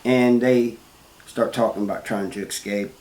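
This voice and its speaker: Low-voiced man telling his story. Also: steady tone, darkish tone. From Missouri, US. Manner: plain-spoken, halting, with restarts and "you know". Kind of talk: first-person storytelling. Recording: roomy, with faint background noise.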